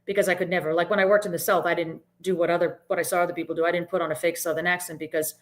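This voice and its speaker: A woman's voice: fairly low pitch, flat delivery, very fast. Earnest woman. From Boston area, US. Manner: earnest, emphatic, frequent "right?" tags. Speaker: podcast guest. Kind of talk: reflective interview talk.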